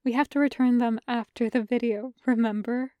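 A woman voicing a gentle, patient young woman who speaks softly. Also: fairly high pitch, steady tone, moderate pace, no echo, highs cut off, close to an everyday voice.

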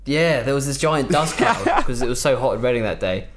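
A young man co-hosting a podcast in casual chat, relaxed, swearing freely and laughing often. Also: medium pitch, a little fast, soft background music. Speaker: podcast co-host.

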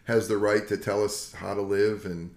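An older man, a pastor co-hosting a casual Bible discussion, telling the stories in a lively folksy way and acting out the quotes. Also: lowish voice, normal speed, creaky. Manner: animated storyteller, acts out quotes, folksy. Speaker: pastor and co-host. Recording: echoey room.

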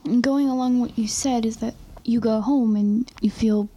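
A woman joins a faith conversation with soft, reflective remarks. Her voice is breathy and dark, and her pitch stays flat. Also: normal speed. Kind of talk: casual faith discussion.

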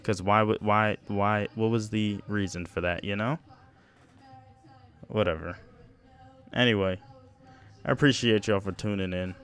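A man's voice: lowish voice, fairly even intonation, measured pace, long pauses, a bit bright. A young man hosting a casual solo podcast, telling a story in a rambling, self-mocking way with lots of slang. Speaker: podcast host.

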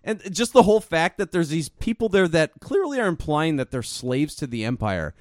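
A man's voice: a little high, sing-song, moderate pace, dry recording, studio quality. A man co-hosting a podcast, chatting casually, swearing and laughing often. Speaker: podcast co-host. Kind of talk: casual chat.

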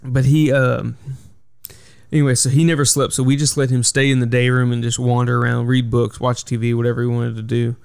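A man's voice: medium pitch, little pitch movement, brisk, vocal fry, darkish tone, clean tone, no echo, clean studio sound. A man hosting a solo podcast, telling a work story in a rambling way with lots of fillers. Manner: rambling, filler-heavy retelling. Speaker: podcast host. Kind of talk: casual storytelling monologue.

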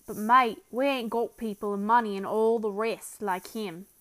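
A woman's voice: mid-range voice, normal speed, lightly acted. A woman voicing a weary, level-headed frontier man who talks in a rustic dialect. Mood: resigned. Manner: rustic dialect, flat and reasoning.

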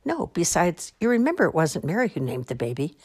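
A woman voicing a patient mother who directs a church pageant, gently correcting the children in a read-aloud story. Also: lowish voice, sing-song, a little fast, husky, voice pushed up. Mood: explaining.

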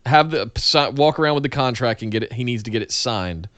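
Male podcast co-host, eager casual chat, bright and clear. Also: mid-range voice, animated, a little fast, no echo. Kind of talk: casual wrestling recap chat.

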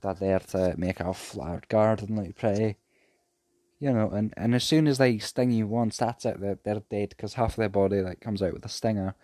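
A man's voice: fairly low pitch, normal speed, dark tone, no room sound. A young man, ranting casually and cheekily in a solo podcast from his bedroom. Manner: rambling, sweary, cheeky. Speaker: podcast host.

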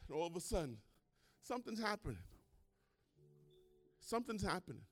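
A man preaching a sermon at a church service, excitable and swinging from hushed talk to shouting as he retells stories. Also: high-pitched, moderate pace, long pauses, breathy edge, faint music behind. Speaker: pastor.

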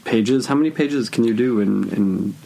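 A man's voice: mid-range voice, normal speed, vocal fry, dark tone, slight background noise. A male interviewer asking questions in a casual interview, chiming in with encouraging backchannels and laughing along. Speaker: podcast interviewer.

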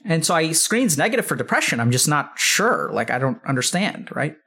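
A man's voice: fairly high pitch, big pitch swings, fairly quick, bright, forceful tone, husky. A man in his thirties, a psychiatrist, telling a long story in casual conversation, rambling with lots of "like" and swearing freely. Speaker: psychiatrist, podcast guest.

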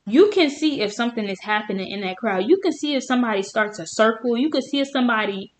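Woman co-host, casual chat, argues her point with lively storytelling. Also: on the high side, fast. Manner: opinionated, animated storytelling. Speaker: podcast co-host.

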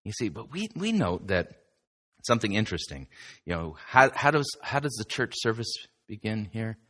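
A male pastor preaching in a conversational, emphatic way, often turning to speak straight to the listener. His pitch swings widely and his tone stays bright and forceful. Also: very animated, moderate pace. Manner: chatty and emphatic, with asides to the listener. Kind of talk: conversational sermon teaching.

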